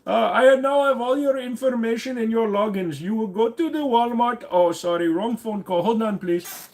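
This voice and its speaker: A man's voice: very high-pitched, normal speed, darkish tone, voice pushed up. A man voicing a smug, greedy male phone scammer in a mock Indian accent, wheedling and self-praising. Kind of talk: comedic skit on a livestream.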